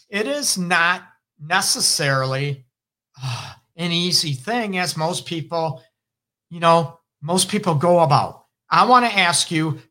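Animated, bright-voiced male counselor. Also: high-pitched. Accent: Detroit. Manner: animated and emphatic, with sudden loud exclamations. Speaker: relationship counselor and show host. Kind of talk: casual advice talk.

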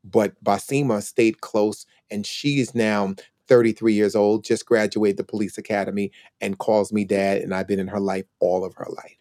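A reflective man in his sixties tells stories of his family as a podcast guest, now and then taking on the voices of the people he quotes. His voice sits low. The sound is close and dry, with no room around it. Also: flat delivery, normal speed, hardly any pauses, darkish tone, no room sound. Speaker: podcast guest, retired police officer. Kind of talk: storytelling interview talk.

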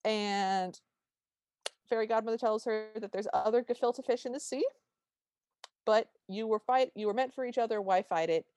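Here a podcast co-host, a woman with a fairly high voice, chats through an episode recap at normal speed. She's an animated storyteller who performs each quote as she goes, and there's no echo on the track.

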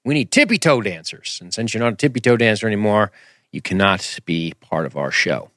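A man voicing a snippy, dismissive theater company boss in a high, mocking voice. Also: lively intonation, fairly quick, fairly bright tone, dry recording, studio quality.

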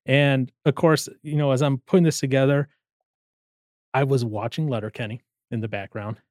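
A man's voice: mid-range voice, moderate pace, dry recording, clean studio sound. A man in casual chat, retelling a comedy scene and acting out the characters' lines. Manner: animated storyteller, acts out quoted lines.

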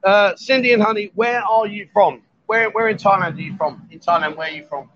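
A man's voice: high voice, a little fast, fairly bright tone. A man hosting a live stream from a bar, chatting in a jovial, teasing way. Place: bar, indoors. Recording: dull lo-fi stream audio.

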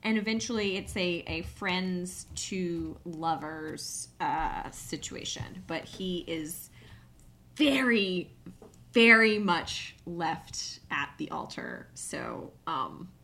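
A woman's voice: lowish voice, a bit bright. A woman co-hosting a book podcast, retelling a story in casual chat with many fillers. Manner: drawn-out, filler-heavy retelling. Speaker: podcast co-host.

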